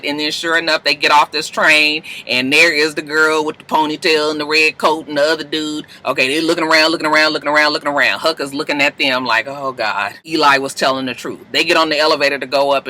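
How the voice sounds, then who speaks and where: A man recapping TV episodes in a casual vlog, telling the story in an animated, profane way and acting out the dialogue. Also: fairly high pitch, quick pace, hardly any pauses.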